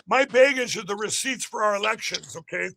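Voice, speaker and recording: A political candidate giving an emphatic, repetitive rally-style interview on a podcast. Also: male voice, high-pitched, a little fast, vocal fry, bright, forceful tone, a little hiss or hum.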